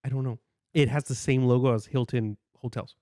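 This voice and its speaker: An easygoing man at a mid pitch co-hosts a podcast and agrees and laughs along in casual chat. The sound is close and dry. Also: steady tone, brisk, a little mellow, dry recording. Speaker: podcast co-host.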